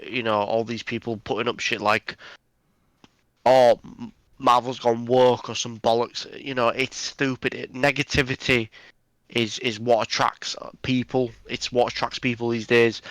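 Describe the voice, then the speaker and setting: A man's voice: medium pitch, pushed and bright, dry recording, poor audio. A man co-hosting a casual movie news podcast, blunt and dismissive, often restarting his sentences. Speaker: podcast co-host.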